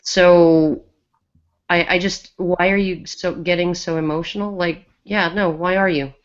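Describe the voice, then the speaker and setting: Low-voiced chatty woman, lo-fi sound. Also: fairly even intonation, measured pace. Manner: chatty, many restarts and fillers. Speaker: podcast co-host. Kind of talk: casual panel chat.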